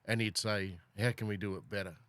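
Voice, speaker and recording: A man's voice: lowish voice, steady tone, brisk, fairly bright tone, no room sound. A man hosting a podcast in casual chat, blunt and joking, swearing freely. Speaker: podcast host.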